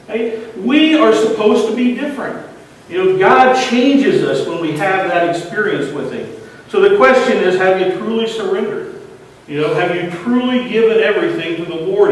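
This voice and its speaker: Man, earnest sermon delivery, high register, distant mic with long hall reverb. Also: a little hiss or hum. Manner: earnest, questioning the congregation. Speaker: lay speaker. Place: church sanctuary. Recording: echoey church hall from far off.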